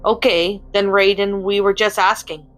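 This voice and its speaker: A woman's voice: mid-range voice, fairly even intonation, normal speed, a bit bright, natural voice. A woman voicing a playful princess who teases with puns. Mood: teasing. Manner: teasing, giggly.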